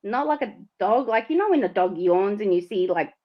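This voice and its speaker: On a livestream she co-hosts, a woman with a mid-range voice and lively intonation speaks at a normal speed. She's animatedly telling a story, voicing the quotes herself and laughing frequently. The recording, made on a livestream mic, sounds a little dull and lo-fi.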